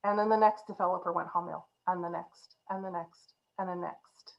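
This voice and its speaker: A woman's voice: on the low side, normal speed, gravelly, lo-fi sound. A woman coaching on agile practice, telling an anecdote in a talk and acting out the people she quotes. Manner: animated storyteller acting out quotes, frequent "right?" and "you know". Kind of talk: conference talk with storytelling.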